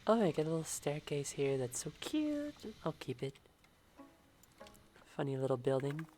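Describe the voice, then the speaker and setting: Young woman streamer, very deep soft voice, unhurried ASMR murmur, faint music under her. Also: very animated. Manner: slow, murmuring and drawn-out, with sudden delighted exclamations.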